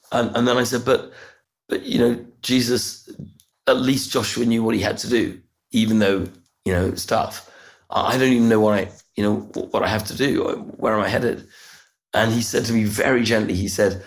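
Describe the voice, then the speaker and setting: A middle-aged man with a lowish voice tells a personal story in an earnest, halting way. He often circles back with repeated words and restarts as he gathers his thoughts. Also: steady tone. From United Kingdom. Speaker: podcast guest. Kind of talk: reflective storytelling interview.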